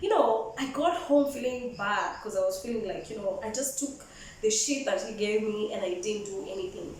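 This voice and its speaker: A young Kenyan woman with a Kenyan accent, telling a casual storytime vlog with an animated, sassy, code-switching manner. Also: medium pitch, normal speed, distant mic, a little hiss or hum. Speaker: vlogger. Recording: echoey room, voice off-mic, faint ambience.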